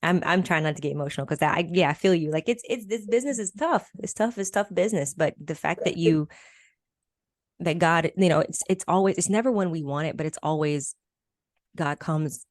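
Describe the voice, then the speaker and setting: A woman hosting an interview, responding in a supportive, gentle way. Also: on the low side, brisk, no room sound, studio quality. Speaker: host. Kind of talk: interview conversation.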